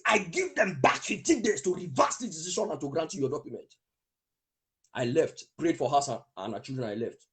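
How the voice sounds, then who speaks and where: Fervent male preacher declaring prophecy, high voice with big swings in pitch. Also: slightly rough. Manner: fervent, declaring, with spells of speaking in tongues. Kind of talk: prophetic sermon with testimony.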